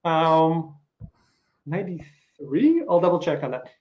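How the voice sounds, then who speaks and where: A man in his forties from eastern Ukraine, with a slight Russian accent, hosting an interview and telling stories in an unhurried way with many pauses. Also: on the high side, sing-song, a little mellow, poor audio. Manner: unhurried storytelling with frequent pauses and fillers. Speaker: podcast host. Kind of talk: casual interview chat.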